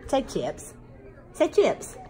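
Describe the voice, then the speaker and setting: A woman patiently coaxes a child to repeat words, her voice sliding up and down playfully. She speaks slowly, with a fairly high pitch. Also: wildly swooping pitch, mellow. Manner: playful, coaxing, makes animal sounds. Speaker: speech therapy helper with a child.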